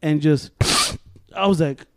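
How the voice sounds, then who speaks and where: A young man co-hosting a podcast, telling swearing-laced stories in animated chat and acting out the quotes. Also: fairly high pitch, slow, no room sound. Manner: profane, animated storytelling with acted quotes. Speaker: podcast co-host. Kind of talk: casual chat.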